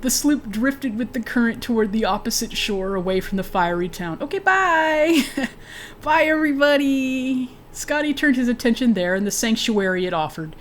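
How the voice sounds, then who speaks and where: A woman's voice: medium pitch, lively intonation, fairly quick, hardly any pauses, slight background noise. A woman streaming a game, reading a book aloud and breaking off for chatty, giggly asides.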